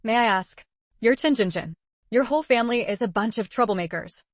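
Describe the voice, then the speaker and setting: A woman's voice: fairly high pitch, lively intonation, brisk, no room sound. Woman reading as a spiteful, scornful ex-friend. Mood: contemptuous. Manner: spiteful, insulting. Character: sharp-tongued former friend, contemptuous and cruel.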